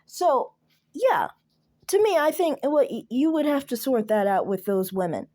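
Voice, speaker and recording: Mellow woman guest, lively and measured. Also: high voice. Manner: measured, hesitant, with fillers. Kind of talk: casual discussion.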